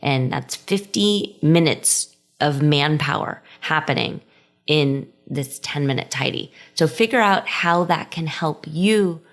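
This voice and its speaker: A woman's voice: deep voice, slow. A woman hosting a podcast and coaching her listeners in an enthusiastic, encouraging way, stretching out key words. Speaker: podcast host and life coach. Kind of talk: upbeat motivational podcast talk.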